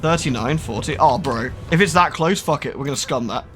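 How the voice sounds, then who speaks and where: A man's voice: on the high side, fast talker, few pauses, fairly bright tone. A man streaming a game, chatting casually, swearing now and then, and reading the game's text aloud. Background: faint game music.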